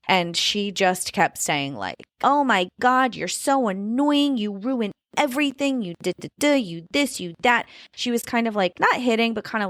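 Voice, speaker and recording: A woman's voice: lowish voice, dry recording, studio quality. A woman in her thirties hosting a parenting podcast, talking casually and filling her speech with "you know" and "like". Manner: chatty, frequent fillers like "you know" and "like". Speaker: podcast host. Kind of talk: casual conversational interview.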